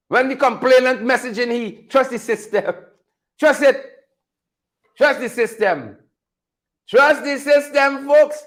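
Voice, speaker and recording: High-voiced sarcastic Guyanese man. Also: slow, pauses often, a bit bright, low-quality recording. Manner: sarcastic, repetitive, pleading with viewers. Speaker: host of a political commentary livestream. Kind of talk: livestream political commentary.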